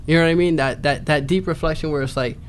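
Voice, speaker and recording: A man's voice: fairly high pitch, fairly even intonation, fast, a little hiss or hum. A man, a comedian and former Marine, rambling and swearing freely as he answers. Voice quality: profane, rambling. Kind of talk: casual interview chat.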